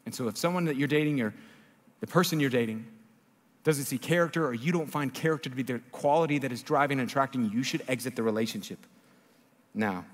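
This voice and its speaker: A man preaching a sermon, telling a story in an animated way that jumps between loud emphasis and hushed asides. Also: mid-range voice, long reverb tail. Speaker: pastor.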